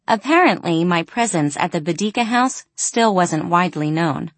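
A woman reads a first-person novel aloud in a lively, expressive storytelling manner. Her voice sits on the lower side for a woman. The recording is close and dry, with no room echo. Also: moderate pace, few pauses. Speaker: audiobook narrator. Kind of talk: first-person audiobook narration.

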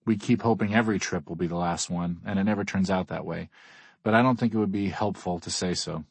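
A man's voice: sits low, fairly quick, gravelly, darkish tone, breathy edge, dry recording. A man reading a first-person audiobook in a wry, dry way. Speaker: audiobook narrator. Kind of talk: scripted first-person narration.

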